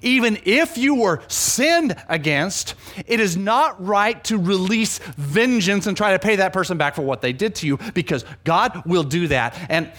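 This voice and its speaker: Guy preaching a sermon, fairly high voice, gets loud then drops real quiet, repeats himself for emphasis. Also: unhurried. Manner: animated preaching, swings between loud emphasis and hushed asides. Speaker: pastor.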